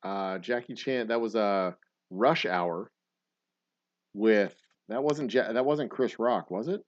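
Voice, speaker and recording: A man's voice: fairly low pitch, takes it slowly, dry recording. Rambling, cursing male stream host. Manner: rambling, profane, frequent self-corrections. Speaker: livestream host. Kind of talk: casual live-stream chat reacting to viewer comments. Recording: dull lo-fi stream audio.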